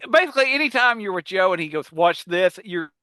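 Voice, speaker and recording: Bright, animated man telling stories. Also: high voice, quick pace, clear, resonant tone, no room sound. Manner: animated storyteller, laughs often. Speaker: podcast co-host. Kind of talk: casual chat.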